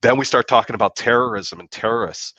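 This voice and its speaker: A man, a guest author from the United States, telling a story in a podcast interview with lively, profane, acted-out quotes. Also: mid-range voice, fast, dry recording, highs cut off.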